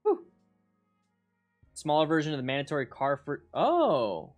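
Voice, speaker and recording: Casting: hyped-up male instructor-host, chatty, repeats lines, a bit high-pitched, faint music behind. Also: unhurried. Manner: excitable, rambling, repeats himself, bursts of hype. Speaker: motorcycle riding instructor and channel host. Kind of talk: excited livestream chat with viewers.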